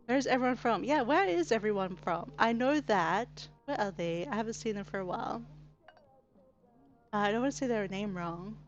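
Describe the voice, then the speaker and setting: A woman's voice: fairly high pitch, normal speed, lo-fi sound, slight background noise. An Australian woman streaming a game, chatty and giggly, with lots of "like". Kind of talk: casual gameplay chat.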